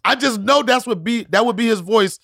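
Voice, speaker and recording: A middle-aged man, a comedian guest, telling stories in casual chat with loud, profane, laughing punchlines. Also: very high-pitched, fairly quick, vocal fry, no echo, studio quality.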